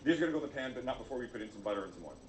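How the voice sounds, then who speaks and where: A man's voice: mid-range voice, lively intonation, racing, slight background noise. Man, cooking-show host, joking as he works, roomy echoey sound. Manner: jokey, self-mocking, chatty. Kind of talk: cooking demonstration video.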